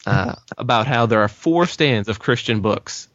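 A man co-hosting a podcast, telling a story in a measured, conversational way. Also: mid-range voice, animated, fairly bright tone, dry recording. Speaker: podcast co-host. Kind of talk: casual storytelling chat. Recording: dull lo-fi sound, dry.

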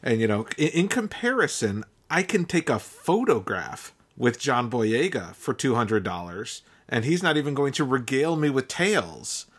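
A man co-hosting a podcast in a relaxed, wry way, sometimes reading details aloud as he chats. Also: medium pitch, moderate pace, few pauses, husky. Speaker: podcast co-host. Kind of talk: casual chat.

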